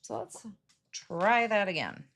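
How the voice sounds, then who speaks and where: A woman's voice: mid-range voice, sing-song, slow pace, fairly bright tone. A chatty middle-aged woman hosting a live card-making demo, greeting viewers by name and laughing at her own slips. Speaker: craft livestream host. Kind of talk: casual live crafting demo.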